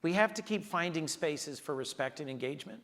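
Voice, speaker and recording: A man in his sixties speaks as a senator at an onstage conversation, telling stories earnestly. His voice sits somewhat higher than most men's. His delivery is emphatic and sincere. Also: lively intonation, fairly quick, fairly bright tone. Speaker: US senator, interview guest.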